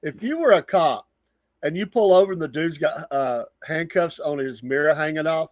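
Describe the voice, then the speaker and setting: A male morning show co-host with a slightly high voice, recorded dry and close. He jokes along casually and stumbles over repeated words as he gets going. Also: normal speed, dry recording. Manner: relaxed, joshing, repeats words. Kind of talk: casual joking chat.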